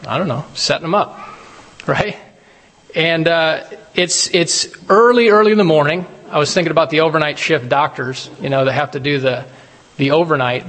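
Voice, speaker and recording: A man gives a relaxed, conversational sermon, often tossing in "right?" and chuckling as he retells a story. His voice sits a little high for a man. The sound carries a long reverb, as if recorded in a large hall. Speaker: preacher. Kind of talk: casual sermon.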